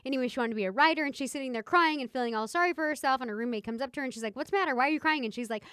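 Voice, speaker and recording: A woman co-hosting a podcast in casual chat, telling stories in an animated way and acting out quoted lines. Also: high-pitched, very fast, clear, resonant tone, no echo, studio quality. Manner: animated storytelling with quoted voices. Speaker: podcast co-host.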